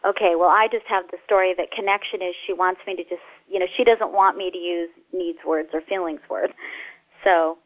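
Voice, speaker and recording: A woman's voice: fairly low pitch, steady tone, brisk. A woman taking part in a workshop, speaking hesitantly and thinking aloud. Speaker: workshop participant. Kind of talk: casual chat. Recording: dull, lo-fi line.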